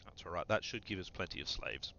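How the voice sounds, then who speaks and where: A man with a low, gravelly voice talks through his strategy game in a loose, rambling way. Steady noise hums under his recording. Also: fast, dull audio. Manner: relaxed, rambling, filler-heavy. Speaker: gaming channel host. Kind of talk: gameplay commentary.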